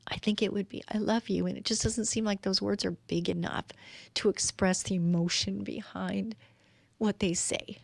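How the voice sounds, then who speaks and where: A woman's voice: medium pitch, fairly even intonation, normal speed, gravelly, no echo. A middle-aged woman hosting a live stream, giving a heartfelt devotional talk full of rhetorical questions. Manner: heartfelt, earnest, asks many rhetorical questions. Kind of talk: faith-based devotional talk.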